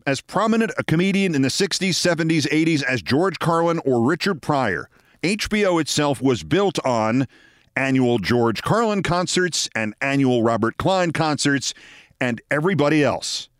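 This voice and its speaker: A man in his sixties, a host telling a long story in a wry, deliberate way. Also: medium pitch, dry recording, clean studio sound. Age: 60s. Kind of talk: storytelling monologue.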